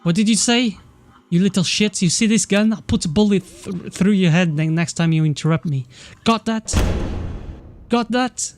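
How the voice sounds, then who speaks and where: A man's voice: high-pitched, moderate pace, slight background noise. A man voicing a violent, abusive father who snarls threats at his family. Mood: threatening.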